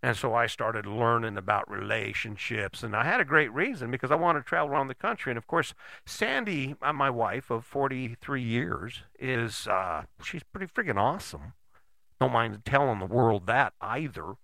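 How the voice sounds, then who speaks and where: A man's voice: mid-range voice, lively intonation, normal speed, creaky, bright, forceful tone, dry recording. An older man giving a casual motivational talk, folksy and blunt, often checking in with "right?".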